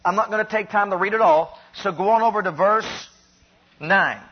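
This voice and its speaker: A man preaching a sermon in an earnest, emphatic way, with deliberate, drawn-out phrasing. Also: high-pitched, slightly rough. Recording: dull lo-fi recording.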